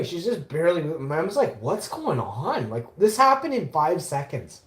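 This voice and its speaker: A woman from Winnipeg, telling a story on a casual livestream, animated and swearing, acting out the quotes. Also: lowish voice, normal speed, few pauses, echoey room. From Winnipeg, Canada.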